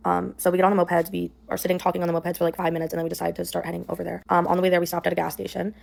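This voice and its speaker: In a played clip, a young woman rambles through a personal story, full of "like" and "um." Her low, gravelly, darkish voice is completely flat and very fast.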